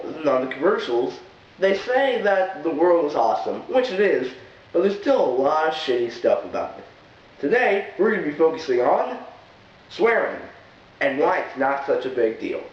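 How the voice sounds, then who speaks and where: A man hosting a comic vlog, ranting to camera in an exasperated, animated way. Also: high-pitched. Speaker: vlog host. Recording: echoey room, distant lo-fi mic.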